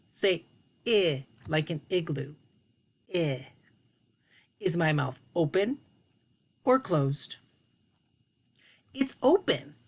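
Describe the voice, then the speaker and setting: A woman's voice: lowish voice, husky. A woman teaching a phonics lesson to young children, patient and encouraging as she models sounds.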